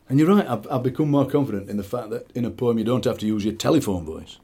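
A middle-aged man with a Barnsley accent, a poet chatting in an interview and reading his poems, lively and fond of doing voices. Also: medium pitch, fast, hardly any pauses, husky. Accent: Barnsley, South Yorkshire. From South Yorkshire, England. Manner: animated storyteller, slips into quoted voices. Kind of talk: conversational interview with poetry reading.

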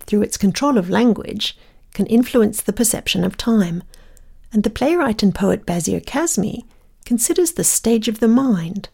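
A woman announcer reading a podcast outro script in a measured, formal way. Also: medium pitch, vocal fry, mellow, breathy edge.

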